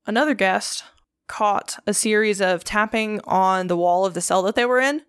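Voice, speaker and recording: A woman's voice: mid-range voice, moderate pace, smooth, no echo, studio quality. Profane, rambling woman telling ghost stories. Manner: loose, profane, filler-heavy retelling of ghost stories. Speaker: podcast host. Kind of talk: casual storytelling chat.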